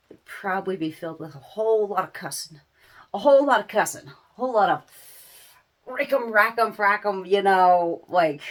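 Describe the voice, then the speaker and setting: A woman's voice: mid-range voice, fairly bright tone. A woman, a parent, giving a casual life-lesson talk to camera, earnest and repeating phrases for emphasis. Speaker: parent and small business owner.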